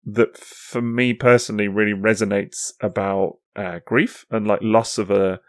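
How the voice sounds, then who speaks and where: A man co-hosting a casual podcast, lively and often laughing as he steers the chat. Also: fairly low pitch, a little slow, dry recording, clean studio sound. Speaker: podcast co-host.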